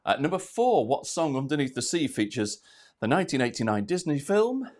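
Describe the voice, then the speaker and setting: A man's voice: medium pitch, very animated, a little fast, darkish tone. A man hosting a live online quiz from home, out of breath, chatty and self-deprecating as he reads out questions and answers. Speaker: quiz host.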